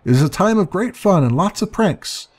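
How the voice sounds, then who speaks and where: Man doing a shrill squeaky sprite. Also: expressive, normal speed, darkish tone. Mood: chirpy. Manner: cheeky, impatient. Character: tiny shrill male winged minimite sprite.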